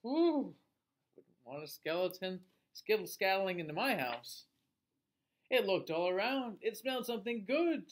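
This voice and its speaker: A male teacher reading a picture book aloud to children in an expressive voice, asking them questions along the way. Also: sits high, normal speed. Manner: expressive, asks listeners questions.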